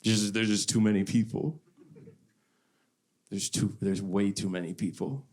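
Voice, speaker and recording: A man doing a stand-up set on a club stage, deadpan and self-deprecating, repeating lines for effect. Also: on the low side, unhurried. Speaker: stand-up comedian. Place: comedy club stage before a live audience. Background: audience laughter.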